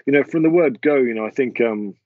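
Halting English man, dull dry sound. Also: mid-range voice, dry recording. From England. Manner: halting, many restarts and fillers. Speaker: music producer guest. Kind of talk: casual interview talk.

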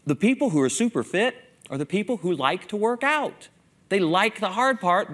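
Lively man giving a keynote. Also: fairly high pitch, moderate pace. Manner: lively, self-mocking, asks the audience many questions. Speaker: keynote speaker. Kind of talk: conference keynote talk.

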